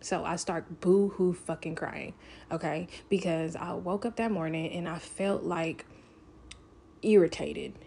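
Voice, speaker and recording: A woman's voice: on the low side, fairly even intonation, unhurried, creaky, mellow, a little hiss or hum. A woman talking casually and openly to camera, rambling with lots of fillers as she shares a personal story. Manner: rambling, many "like" fillers, open and confessional. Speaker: vlogger.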